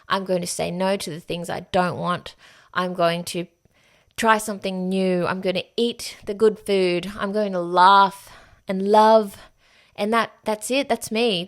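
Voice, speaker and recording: A woman hosting a solo podcast, talking frankly and emphatically and swearing freely. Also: on the low side. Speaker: podcast host. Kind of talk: candid solo podcast monologue.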